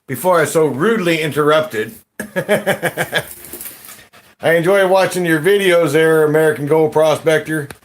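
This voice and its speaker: A man hosting a casual gold panning chat, rambling in a slow, folksy drawl with slangy grammar, laughing often while drinking beer. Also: a little high. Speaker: gold panning channel host.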